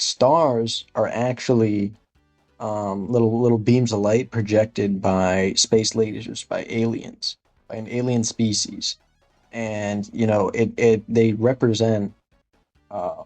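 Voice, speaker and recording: Speaking in a lowish, gravelly voice, a man impersonates a gaming creator while commentating gameplay for laughs. He rambles through absurd deadpan jokes and breaks into frustrated, cursing outbursts.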